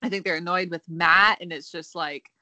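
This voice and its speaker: A woman's voice: on the low side, steady tone, normal speed, pushed and bright, dry recording. A young woman co-hosting a casual chat, musing aloud and trailing off as she thinks. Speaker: podcast co-host.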